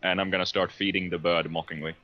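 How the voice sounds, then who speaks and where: Fast, deep-voiced man at a game table. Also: little pitch movement. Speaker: player. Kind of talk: casual tabletop chat. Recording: dull lo-fi sound with faint noise.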